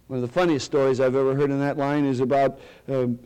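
A man's voice: medium pitch, little pitch movement, fast talker, mellow, clear, resonant tone. A middle-aged man preaching a sermon, telling stories and building to emphatic declarations. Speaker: pastor.

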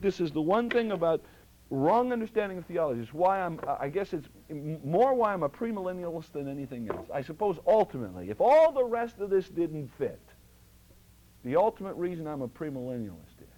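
A male pastor preaches an impassioned sermon, swinging from loud exhortation down to hushed, low tones. The audio is poor.

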